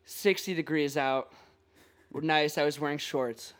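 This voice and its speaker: A young man with a fairly high voice tells a rambling, profane story to his friends in casual chat. He laughs often and curses freely as he goes. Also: a little slow, a bit bright. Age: young adult.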